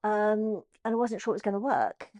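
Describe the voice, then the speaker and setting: A middle-aged woman, an estate agent telling her story in an interview, chatty and animated. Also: mid-range voice, moderate pace, no echo. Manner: chatty, animated, acts out quoted voices.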